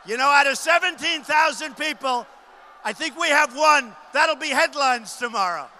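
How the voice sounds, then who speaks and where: A man giving a loud, emphatic rally speech to a big crowd, repeating short phrases. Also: expressive, normal speed, a little hiss or hum. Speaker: political candidate at a rally. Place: large arena rally. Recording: booming reverb of a big arena.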